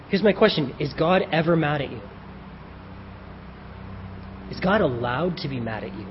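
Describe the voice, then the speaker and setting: A man's voice: a little high, animated, fast talker, few pauses. A man preaching a sermon who asks rhetorical questions and answers them himself, then reads a devotional in an old-fashioned scriptural style. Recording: dull, echoey hall with faint hiss.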